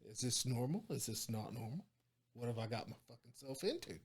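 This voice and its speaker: A man with a drawl spins stories as a podcast guest, salty and loose with his swearing. He talks in a relaxed, conversational way and acts out the people he quotes, his voice rising when things get heated. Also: mid-range voice, brisk, husky. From Oklahoma. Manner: profane, animated storytelling with quoted dialogue. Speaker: guest, former prison guard. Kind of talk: casual storytelling interview.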